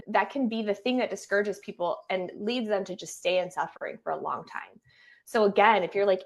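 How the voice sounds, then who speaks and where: Earnest, expressive woman therapist. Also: medium pitch. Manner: earnest and expressive, acting out quoted voices. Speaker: guest, trauma therapist and doula. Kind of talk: casual podcast interview.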